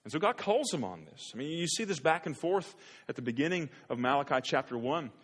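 Animated male pastor preaching a sermon. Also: brisk, breathy edge. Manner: animated preaching, mocking voices of complainers in a raised pitch.

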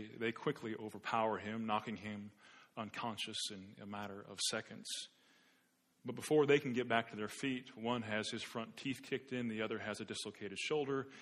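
A man's voice: on the low side, fairly bright tone. A man preaching a sermon as a pastor, telling an illustrative story in an earnest way with occasional repeated words.

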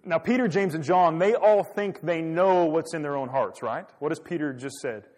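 A man's voice: on the high side, moderate pace, a little mellow. A man preaching a sermon, dramatic and full of rhetorical questions. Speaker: pastor.

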